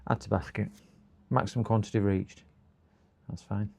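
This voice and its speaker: Gravelly man chatting on a live repair stream. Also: lowish voice, fairly even intonation, moderate pace, darkish tone. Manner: chatty, mutters to himself, answers chat, exasperated outbursts. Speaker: livestreaming repair technician. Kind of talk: casual live-stream chat while working.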